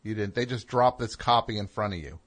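A man's voice: lowish voice, a little fast, fairly bright tone. A man hosting a call-in show in casual chat, riffing sarcastically with stammering restarts.

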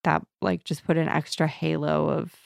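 A woman co-hosting a casual book discussion, animated and laughing often as she retells scenes. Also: low-pitched, normal speed, creaky, no echo, studio quality. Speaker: book podcast co-host. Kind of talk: casual chat.

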